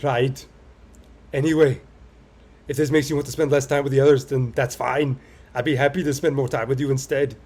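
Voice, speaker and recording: A man voicing a cheerful, self-assured teenage schoolgirl who leads a club, speaking in a friendly, smooth way. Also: mid-range voice, darkish tone, lightly acted.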